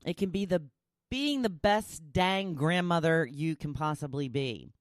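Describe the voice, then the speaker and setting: A woman's voice: low voice, lively intonation, unhurried, no echo, studio quality. A middle-aged woman hosting her own podcast, talking in a chatty, goofy way and laughing between thoughts. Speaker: podcast host. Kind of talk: casual solo podcast monologue.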